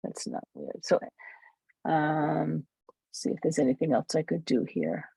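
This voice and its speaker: Gravelly presenter walking through software. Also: mid-range voice, fairly even intonation, unhurried, no echo. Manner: thinks aloud, self-correcting while demonstrating. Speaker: camera club workshop presenter. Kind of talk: casual software walkthrough.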